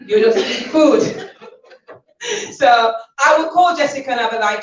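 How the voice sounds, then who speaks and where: A woman's voice: on the high side, a little slow, long pauses. Chatty woman thanking guests in echoey hall. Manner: chatty, laughing, animated storytelling. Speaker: author thanking guests at book launch. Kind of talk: informal thank-you speech at an event. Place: event hall. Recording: dull, roomy, from far off.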